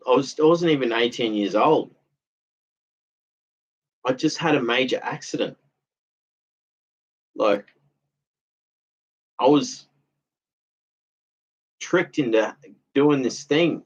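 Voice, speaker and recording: A man's voice: medium pitch, husky. A man, talking in a rambling, aggrieved monologue that circles back and repeats itself. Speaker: vlogger. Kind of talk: casual monologue. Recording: dull lo-fi audio.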